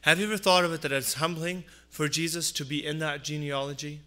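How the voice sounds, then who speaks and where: A man preaching a Christmas sermon, earnest and repeating phrases for emphasis, dropping low on his asides. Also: fairly even intonation, brisk, pushed and bright. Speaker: pastor.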